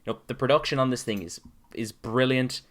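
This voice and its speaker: A young podcast co-host speaks fairly quickly in a medium-pitched, slightly bright voice with fairly even intonation. He laughs easily during the casual chat and openly admits he stutters a lot.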